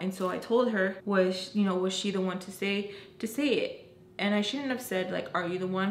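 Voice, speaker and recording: A young woman chatting casually as she tells a personal story, emphatic and acting out quoted lines. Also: on the low side. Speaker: storytelling vlogger. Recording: roomy with faint ambient noise.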